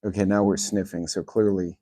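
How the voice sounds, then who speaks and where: A channel host does a laid-back livestream from the yard of a rental house outdoors, using a phone on speaker. His low, dark, mellow voice is flat and fairly quick as he chats, gives his dogs commands, and reads out names from the chat. The sound is dry and close, with almost no room around it.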